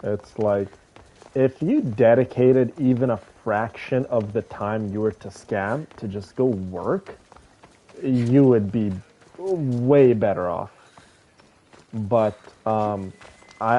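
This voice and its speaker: A man streaming a game, chatting casually and rambling to his viewers in a relaxed way. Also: lowish voice. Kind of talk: casual chat with viewers while gaming.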